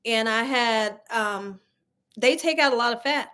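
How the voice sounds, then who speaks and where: Unhurried and a bit bright, her fairly high voice carries a relaxed livestream where this middle-aged cooking channel host chats with viewers. She reads out their comments, spins stories with plenty of laughter, and addresses the audience as y'all.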